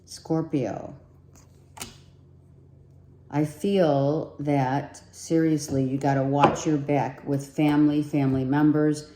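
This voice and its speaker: Woman tarot reader, low and mellow, strained voice, echoey room, unhurried chatty delivery. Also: flat delivery, noisy background. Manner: chatty, repeats herself, thinks aloud while pulling cards. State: losing her voice. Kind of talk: casual tarot reading to viewers.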